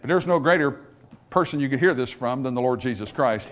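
A man preaching a sermon to a congregation, dropping to a hush for scripture and rising to loud emphasis. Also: medium pitch, expressive. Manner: swings from hushed, drawn-out scripture quotes to loud, emphatic preaching. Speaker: pastor. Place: church in front of a congregation.

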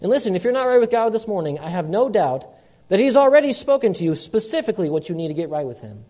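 A man preaching a sermon as pastor, stressing points by repeating them and swinging between loud and soft. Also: high voice, big pitch swings, fast. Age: young adult or middle-aged, a parent.

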